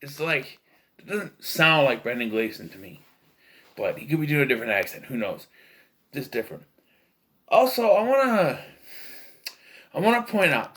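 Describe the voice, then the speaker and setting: A man's voice: fairly high pitch, pushed and bright. A man giving a casual, rambling, opinionated film review, full of fillers and restarts. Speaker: movie reviewer.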